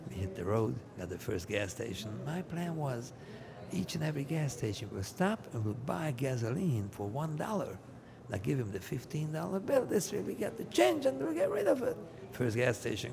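A man's voice: mid-range voice, normal speed, gravelly. A man, a rabbi, telling comic stories to a live audience and acting out each character's voice. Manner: animated, acts out every character's voice.

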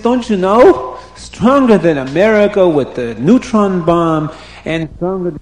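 A man's voice: a little high, a little mellow, natural voice. A man voicing a proud, cheerful bearded Jewish man who boasts with eager emphasis. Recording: roomy echo.

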